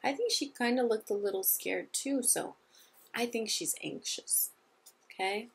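A woman teacher giving a gentle, patient lesson to young children, asking them simple questions. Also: fairly high pitch, lively intonation, measured pace, creaky, husky.

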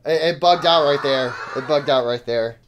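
A man giving casual gameplay commentary to his chat, excitable and joking in slang, yelping and shouting when startled. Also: mid-range voice, moderate pace, noisy background. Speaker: gaming YouTuber.

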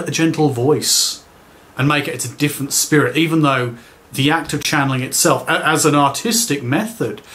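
A man's voice: medium pitch, fairly bright tone. A man giving sarcastic, dismissive commentary. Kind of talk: critical commentary.

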